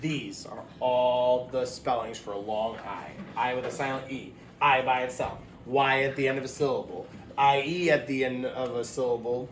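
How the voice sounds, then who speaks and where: A man's voice: mid-range voice, fairly even intonation, normal speed, few pauses, reverberant, slight background noise. A man teaching a phonics lesson for young children, upbeat and encouraging, stretching out the sounds he teaches.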